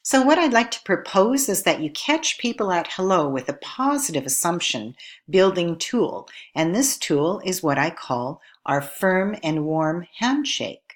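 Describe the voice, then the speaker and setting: Narrating a recorded lesson, an instructor with a low voice poses a steady stream of questions to her viewers. She speaks clearly and at a measured pace, and her pitch swings widely.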